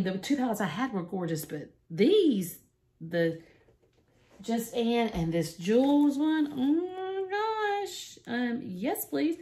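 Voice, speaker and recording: A woman vlogger chatting excitedly through a makeup unboxing, gasping and gushing and often dropping to a whisper. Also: medium pitch.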